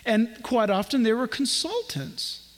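Pastor, male, high voice, folksy sermon delivery with jokey asides; long hall reverb. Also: sing-song, a little slow. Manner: folksy, jokey asides, acts out little dialogues.

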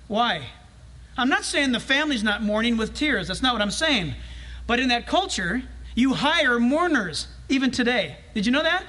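A very high-pitched male pastor preaches a sermon in church. He's animated and funny, acting out scenes as he narrates them.

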